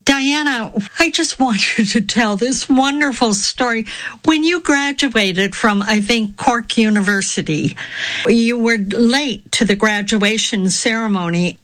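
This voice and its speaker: A woman hosts a radio interview and asks her questions calmly. She speaks slowly, with a slightly high voice. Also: rough recording. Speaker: host.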